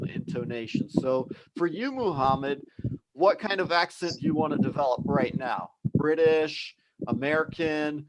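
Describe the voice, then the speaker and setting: An encouraging male English teacher leads a live online lesson. His voice sits a little high, and he talks in a chatty, explaining way. An audible hiss of background noise runs under the stream.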